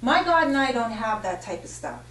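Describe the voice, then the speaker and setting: Woman life coach, chatty and animated, slightly high voice, recorded from a distance in an echoey room with a faint hum. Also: moderate pace. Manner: animated storyteller, frequent self-corrections. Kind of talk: informal spiritual talk to a live audience.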